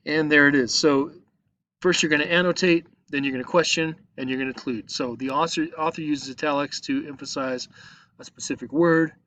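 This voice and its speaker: A man with a fairly quick, steady, somewhat high and slightly bright voice guides his students through an online lesson via screen recording at a computer. He's patient, explaining every step and frequently checking "okay?". The audio is dull.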